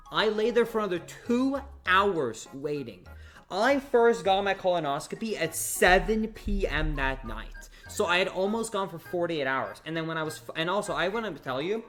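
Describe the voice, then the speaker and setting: A young man streaming, telling a long story to his chat in a casual, animated way, acting out the other people. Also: on the high side. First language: not English. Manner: animated, quotes others in acted voices.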